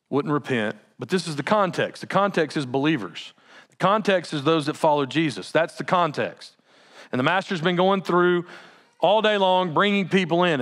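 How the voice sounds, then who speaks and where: Animated high-voiced male pastor. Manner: animated, conversational, laughing asides. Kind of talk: sermon.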